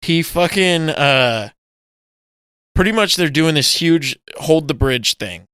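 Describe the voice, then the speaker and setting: A man co-hosting a casual podcast, recounting scenes with a lot of swearing and sudden acted-out yells. His voice is bright and crisp. It sounds close and dry, with no room around it. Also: fairly high pitch, takes it slowly, dry recording. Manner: animated storytelling, swearing, loud acted-out yells. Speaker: podcast co-host. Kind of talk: casual chat.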